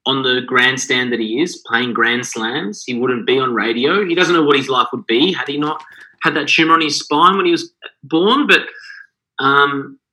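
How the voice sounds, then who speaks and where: A man in casual podcast chat, his voice very bright and forward. He rambles earnestly, padding his points with "um" and "you know." His pitch sits at an ordinary middle for a man. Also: normal speed, rough recording. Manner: rambling, earnest, heavy on fillers. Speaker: podcast co-host.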